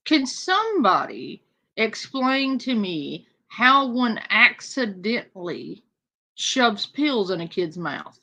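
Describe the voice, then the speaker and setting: A woman's voice: fairly high pitch, very animated, slow pace, bright, forceful tone. A woman reacting to clips for a chat audience, sarcastic and incredulous. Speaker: reaction commentator. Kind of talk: casual reaction commentary.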